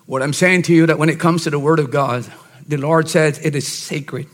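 A male pastor preaching a sermon with emphasis, dropping to soft asides and rising to shouted points, often asking his listeners "See?". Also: a little high, fairly even intonation, normal speed. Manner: keeps checking on listeners with "See?".

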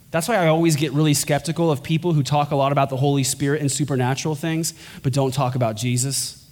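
A pastor preaching a sermon, earnest and emphatic, his voice climbing higher on key points. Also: fairly even intonation, a little fast, a little mellow. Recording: long hall reverb with faint music.

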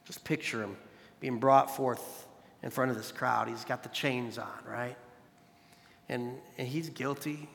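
A man's voice: medium pitch, steady tone, unhurried, vocal fry, a bit bright, in a large hall. A man preaching a sermon in a conversational tone, calling listeners "you guys" and building emphasis through repeated phrases. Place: large hall, evening service.

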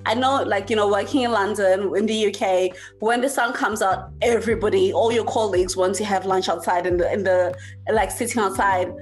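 A woman's voice: medium pitch, steady tone, fairly quick, soft background music. A woman talking in a casual chat, earnest and reflective, with many fillers. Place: works in the UK.

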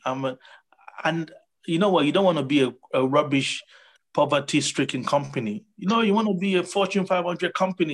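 A man in casual motivational chat, animated, acting out quotes and laughing often. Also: fairly high pitch, rough recording.

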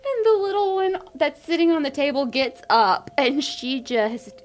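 Animated Texan woman telling a story. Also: high voice, unhurried. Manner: animated storyteller acting out quotes. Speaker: podcast co-host. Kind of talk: casual storytelling chat.

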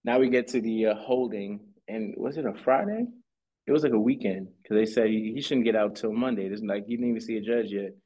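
A man co-hosting a casual podcast recap, telling the story with lively swings and quick acted-out lines. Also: fairly low pitch, lo-fi sound. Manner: animated storytelling, acting out lines in quick voices. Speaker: podcast co-host.

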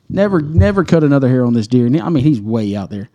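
Guy on a podcast, mellow dark voice, tells a wild story, cusses and laughs. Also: mid-range voice, quick pace, highs cut off. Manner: animated storyteller, swears freely, laughs mid-story. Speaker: podcast co-host. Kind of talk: casual hunting story.

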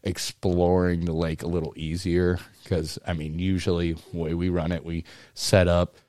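Deep-voiced joking podcast host. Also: male voice, level tone, normal speed, mellow, no room sound, studio quality. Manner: blunt, joking, laughs often, trails off with fillers. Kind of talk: casual chat.

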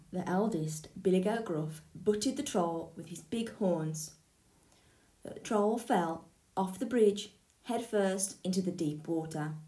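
A woman teacher reading a children's story aloud, clear and lively. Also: fairly low pitch, reverberant.

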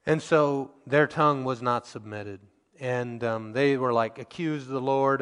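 A man preaching a sermon, reading scripture aloud and acting out quotes, his loudness swinging between emphatic and quiet. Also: mid-range voice, measured pace, smooth, long reverb tail.

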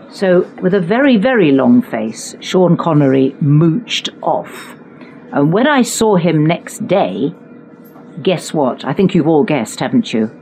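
A woman's voice: sits low, dark tone, slight background noise, poor audio. An older woman, telling chatty, self-mocking stories from her acting career in a conversation. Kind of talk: anecdotal storytelling in conversation.

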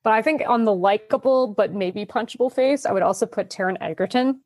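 A woman's voice: medium pitch, a little fast, a little mellow. A woman in her thirties from Northern Virginia chats casually and laughs often. Her talk is full of "like". The sound is close and dry, with no room echo. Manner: chatty, laughs often, many "like" fillers. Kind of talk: casual chat.

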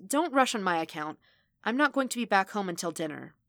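A woman's voice: medium pitch, expressive, a little fast, fairly bright tone, no echo. A woman voicing a dry, drawling young woman. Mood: dry wry. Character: wry, guarded young woman on phone.

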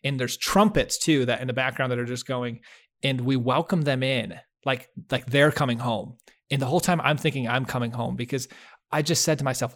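Male podcast co-host, mid-pitched voice, earnest and heartfelt, casual storytelling over a video call. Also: a little fast. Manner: earnest, heartfelt storytelling with restarts and soft laughs. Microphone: video call setup.

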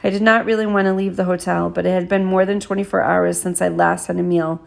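A woman reading an audiobook chapter in a steady, measured first-person narration. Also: lowish voice, creaky. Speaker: audiobook reader.

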